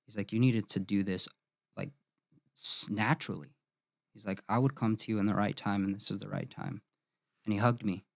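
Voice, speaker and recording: A man in his thirties, a podcast host, telling a painful personal story in an emotional, halting way with many restarts. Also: fairly low pitch, fairly even intonation, creaky, no echo, studio quality.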